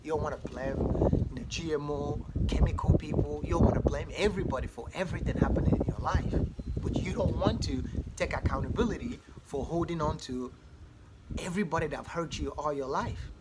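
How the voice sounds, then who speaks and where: A man's voice: fairly high pitch, fairly quick. A man with a slightly raised voice preaching emphatically in loose, informal speech. He gives a spiritual motivational talk, and heavy background noise runs under the whole recording. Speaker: spiritual speaker.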